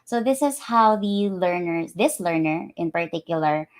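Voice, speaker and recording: A woman's voice: on the low side, lively intonation, moderate pace. A woman presenting her research in a lecture, explaining carefully with frequent ums and uhs. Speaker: academic presenter.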